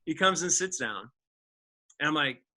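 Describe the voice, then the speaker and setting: Bright-voiced man telling his story. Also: a little high, moderate pace. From Indiana, USA. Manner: animated storyteller who acts out other people's lines, many fillers like "like". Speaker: podcast guest, actor. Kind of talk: personal storytelling in a conversation.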